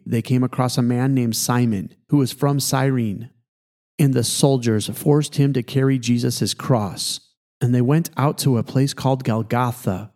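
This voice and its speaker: A man, a pastor, reading scripture aloud in a steady, measured way. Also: medium pitch.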